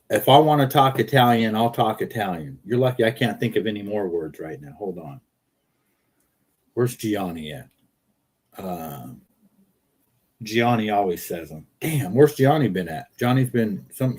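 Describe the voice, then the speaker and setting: Rambling low-voiced man chatting on stream. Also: animated, moderate pace, a little mellow, slightly rough. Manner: rambling, jokey, reads viewer comments aloud. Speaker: livestream host. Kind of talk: casual livestream chat reading comments. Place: in a car.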